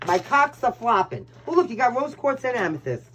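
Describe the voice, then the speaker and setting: On a rough recording, a fairly quick, very animated woman with a higher, slightly bright voice does a tarot reading live. Born in Brooklyn, New York, and carrying that accent, she's loud-mouthed and talkative, dropping swear words and laughing at her own gags.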